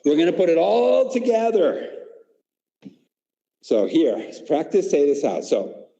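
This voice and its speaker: An energetic man coaching teachers in a live online session, demonstrating as he goes and checking in with "right?" again and again. His voice is dark and mellow. It comes through a dull, lo-fi line with a long hall reverb. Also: on the high side, slow, gravelly. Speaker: teacher trainer.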